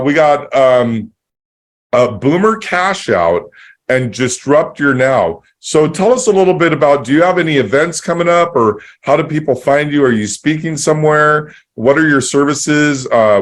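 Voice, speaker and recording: A man's voice: medium pitch, lively intonation, moderate pace. A man hosting a podcast, chatting casually and telling a rambling story with many restarts, acting out both sides of a conversation. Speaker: podcast host.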